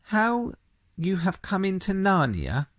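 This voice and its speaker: A man's voice: high voice, wildly swooping pitch, slow pace, dry recording, voice pushed up, exaggerated voice. A man voicing a polite, nervous male faun who speaks courteously and exclaims easily, in a storybook reading. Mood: fussy polite.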